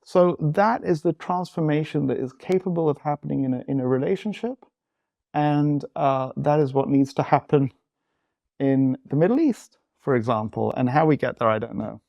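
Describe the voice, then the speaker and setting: Fifties male interview guest, dark gravelly tone, reflective and halting. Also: medium pitch, no echo, muffled recording. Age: 50s. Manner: candid, halting, with frequent restarts. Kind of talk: reflective personal storytelling.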